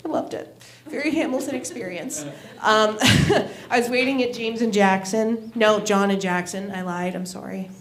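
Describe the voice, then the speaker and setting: A woman's voice: medium pitch, moderate pace. A woman doing a stand-up set at an open mic, telling stories with frequent giggles and self-deprecating asides. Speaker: stand-up comedian. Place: small comedy venue, echoey room. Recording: echoey live room.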